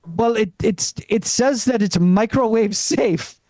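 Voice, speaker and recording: A blunt middle-aged mother, flat and matter-of-fact, as a comedian puts her on. The voice sits fairly high and sounds dry and close. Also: slow, no room sound.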